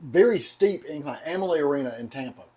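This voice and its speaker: A man's voice: a little high, animated, fast, warm tone, slightly rough. Chatty Southern man telling stories. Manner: rambling storyteller, laughs often. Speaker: podcast co-host. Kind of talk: casual chat.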